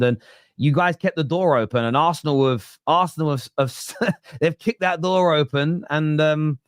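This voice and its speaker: A man's voice: fairly high pitch, normal speed, no room sound. Guy hosting a footy chat, keeps restarting sentences, goes on about the food chain, pretty dry sound. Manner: rambling, builds long animal analogies, frequent restarts. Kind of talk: casual football debate.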